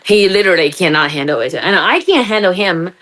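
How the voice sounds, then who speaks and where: A woman's voice: fairly low pitch, animated, brisk, fairly bright tone. A woman guest chatting casually, rambling animatedly and laughing as she talks. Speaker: guest psychic. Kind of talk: casual chat.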